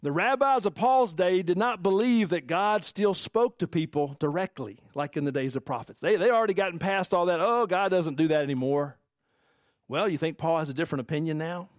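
A man's voice: sits high, fairly quick, hardly any pauses, dry recording, clean studio sound. A man preaching a casual Bible-teaching sermon, talking conversationally and asking the listeners questions. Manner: conversational, animated, asks the audience questions. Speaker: pastor.

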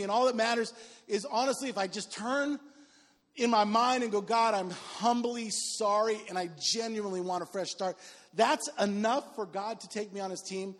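A middle-aged male pastor preaching a sermon in an animated, conversational way with joking asides. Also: high-pitched, fairly quick. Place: church sanctuary. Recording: reverberant hall with faint music.

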